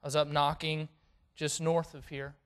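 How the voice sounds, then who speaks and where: A man delivers a sermon in a high, bright voice. He reads scripture in old-fashioned wording. His delivery drops to near whispers and climbs to loud, dramatic peaks. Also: level tone, moderate pace, clear, resonant tone. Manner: dramatic swings from hushed to loud. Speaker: preacher.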